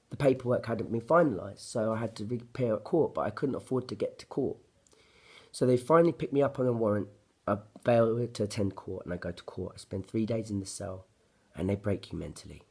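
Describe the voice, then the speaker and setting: Man, husky, lowish voice, blunt profane ranting vlog story. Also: a little mellow. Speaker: vlogger. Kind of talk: personal story told to camera.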